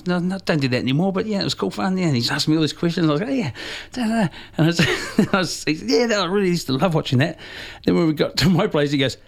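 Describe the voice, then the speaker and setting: A man's voice: fairly high pitch, fast talker. A middle-aged man from New Zealand hosting a radio show, chatting casually, joking and laughing as he tells stories. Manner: animated, laughing, joking storyteller. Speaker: radio host. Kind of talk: casual on-air banter. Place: radio studio.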